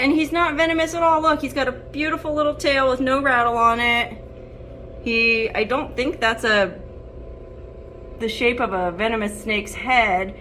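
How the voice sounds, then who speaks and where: A woman's voice: high voice, a little slow, pushed and bright, a little hiss or hum. A young adult woman vlogging casually, distressed and apologetic, with nervous laughs. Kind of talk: casual vlog talk to camera. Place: hot house and shaded yard.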